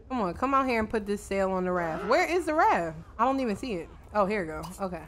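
A young woman commentating her own gameplay casually, brash and profane, shouting at the game. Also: on the high side, animated, fast, heavy background noise. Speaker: gaming video host. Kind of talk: casual let's-play commentary.

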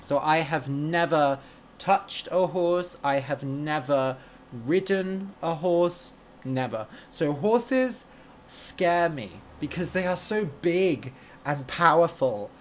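Slow-talking man reading viewer comments. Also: a little high, expressive, slight background noise. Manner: slow, deliberate, friendly speech with fillers. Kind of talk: live stream chat.

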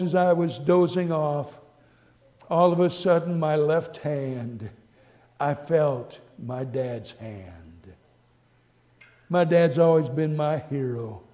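A man preaching a sermon and telling his own story, earnest and repetitive, going from hushed to exclaiming. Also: a little high. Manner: earnest, repeats phrases, swings between hushed and exclaiming. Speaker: pastor. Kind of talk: sermon with personal testimony. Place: church sanctuary. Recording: long church reverb.

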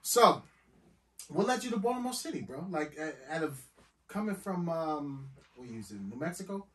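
A man's voice: fairly high pitch, sing-song, moderate pace, far from the mic. A man hosting a podcast, asking questions in easygoing, slangy casual chat. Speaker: podcast host.

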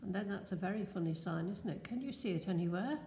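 A woman's voice: medium pitch, fast, dark tone. A woman leading a children's church session, coaxing the children with questions in a sing-song manner. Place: large church building. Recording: echoey church hall, slight noise.

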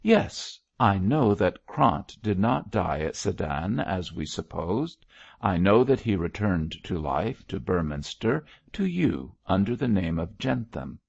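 A man reading an audiobook, voicing a blunt doctor who exhorts his friend firmly and briskly. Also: sits low, sing-song, gravelly, darkish tone, no room sound, dull audio, exaggerated voice. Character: blunt, firm middle-aged male doctor.

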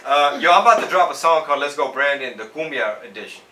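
A man's voice: a little high, lively intonation, quick pace, pushed and bright, far from the mic. A man hosting a live stream as a comedian, chatting casually in slang and dropping into Spanish. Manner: slangy, switches into Spanish for bits. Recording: echoey room, voice a bit off-mic, faint noise.

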